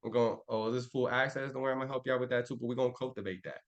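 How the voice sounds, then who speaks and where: A man's voice: mid-range voice, fairly even intonation, racing, lo-fi sound. Brash young male trading coach, street slang, profane, bragging, everyday mid-range voice. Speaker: trading instructor. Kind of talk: live trading class.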